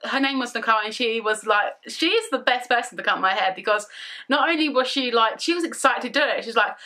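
Bright excited woman vlogger. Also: a little high, fast. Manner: rambling, excited storytelling. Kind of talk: casual chatty vlog. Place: her bedroom.

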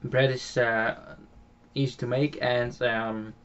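A man's voice: medium pitch, flat delivery, slow pace, fairly bright tone, highs cut off, slight background noise. A man with a Dutch accent giving casual, hesitant commentary on a farming game, voiced after the recording, with many filler sounds and restarts. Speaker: game channel host.

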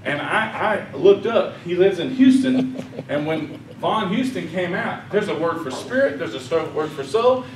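A man giving a conference lecture. He tells animated stories and acts out quoted voices. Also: sits high, measured pace, far from the mic, noisy background. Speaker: conference speaker. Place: conference hall. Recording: echoey hall, speaker off mic.

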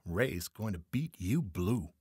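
A man's voice: lowish voice, lively intonation, takes it slowly, a little mellow, slightly rough, dry recording, studio quality, full character voice. A man voicing a frightened young male thug, tense and defiant in an audiobook. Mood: sullen.

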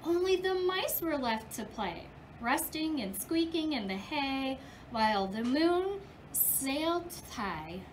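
A woman preschool teacher reads a picture book aloud to young children, slowly and with care. Her voice sits high and swoops widely as she gives the lines an expressive storybook lilt, breaking into playful animal noises along the way. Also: a little hiss or hum, low-quality recording.

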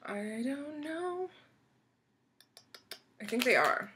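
A woman's voice: high-pitched, expressive, extremely slow, bright, forceful tone, a little hiss or hum. A young woman from the United States chatting casually as she opens a package, bubbly and gushing, with frequent giggles. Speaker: vlogger opening a swap package. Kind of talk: casual excited unboxing chat.

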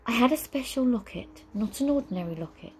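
A woman voicing a regretful mother quietly confessing, in a measured storybook reading. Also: fairly high pitch, expressive, slight background noise, voice pushed up, close to an everyday voice, low-quality recording.

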